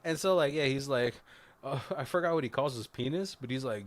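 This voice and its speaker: A man's voice: medium pitch, brisk. A man hosting a podcast, chatting casually about a film in loose, run-on bursts and laughing often. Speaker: podcast host. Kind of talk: casual chat reviewing a film.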